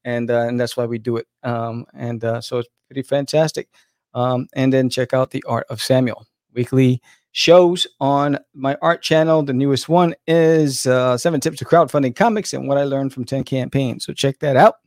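A man's voice: mid-range voice, normal speed, darkish tone, dry recording. Chatty co-host man, dry close mic. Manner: loose, chatty, many fillers and restarts. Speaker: podcast co-host. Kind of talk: casual chat and show sign-off.

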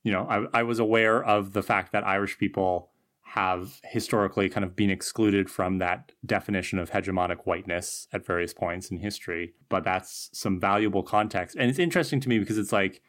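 A woman co-hosting a casual podcast, musing thoughtfully and chatting with quick asides. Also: a bass voice, steady tone. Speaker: podcast co-host.

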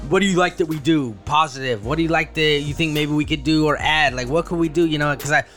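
A man's voice: fairly high pitch, fast, a bit bright, faint music behind. A man co-hosting a podcast in casual chat, easygoing and full of fillers. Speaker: podcast co-host.

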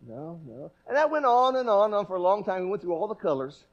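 A man with a fairly high voice preaches a sermon in a church. He swings between quiet, low asides and forceful, emphatic rhetorical questions. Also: quick pace, lo-fi sound. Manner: animated, emphatic, repetitive questions.

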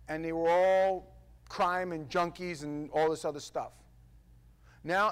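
Fast-talking New man telling stories. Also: high-pitched. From New York. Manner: animated storytelling with stammered restarts. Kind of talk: casual monologue to camera.

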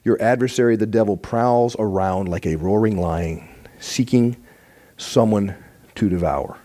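Earnest male church teacher, emphatic sermon delivery, warm tone. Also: on the low side, a little slow.

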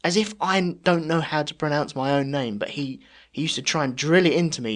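A man co-hosting a podcast, chatting casually and telling stories in an animated, exasperated way. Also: a little high, brisk. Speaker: podcast co-host. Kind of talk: casual chat.

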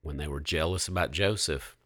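A man casually retelling a Bible story as host, reading passages aloud in a relaxed way. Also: extremely low pitch, fairly quick.

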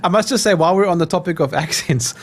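A man's voice: high voice, fast talker. A South African man hosting a podcast, chatting casually and laughing often. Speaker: podcast host. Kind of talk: casual chat.

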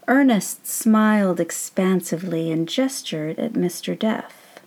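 A woman reading her own story aloud in a measured, gently wry narrating voice. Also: on the low side, expressive.

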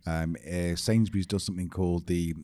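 A man's voice: deep voice, fairly even intonation, fairly quick, warm tone. A man co-hosting a casual podcast, making dry, joking asides. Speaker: podcast co-host. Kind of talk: casual chat.

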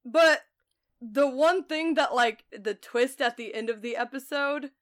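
A woman with a high voice chats casually as a podcast co-host. She retells scenes from a show with lots of laughter and swearing. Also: unhurried. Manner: laughing, profane, animated retelling. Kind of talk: casual chat recapping a TV show.

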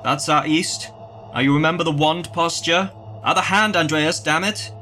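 A little high in pitch, bright and forceful, the man talks at a moderate pace with soft music behind him. He's a tabletop role-player heading an in-character ritual, chanting lines for others to repeat and frequently laughing.

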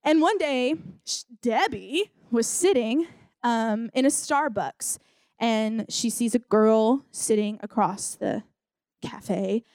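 A young woman with a high voice gives a relaxed sermon at church. She talks in a chatty way with plenty of fillers and acted-out quotes. The sound is close and dry. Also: slow, no echo. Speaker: speaker at a church service. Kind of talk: casual sermon with a story.

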